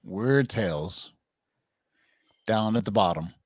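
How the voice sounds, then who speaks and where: A man co-hosts a relaxed chat show, joking and swearing casually. His pitch moves around a lot as he talks. The sound is dry and close. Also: takes it slowly, breathy edge, no room sound. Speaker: co-host.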